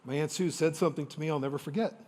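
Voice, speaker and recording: A man telling a motivational sales story on stage to a live audience, animated and enthusiastic, acting out the dialogue. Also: a little high, rapid-fire. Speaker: motivational speaker and sales coach. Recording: long hall reverb.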